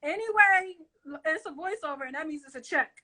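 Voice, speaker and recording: A woman's voice: very high-pitched, lively intonation, brisk, a crowd in the background. A middle-aged woman hosting a casual interview, chatty and laughing often as she talks straight to her viewers. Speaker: show host.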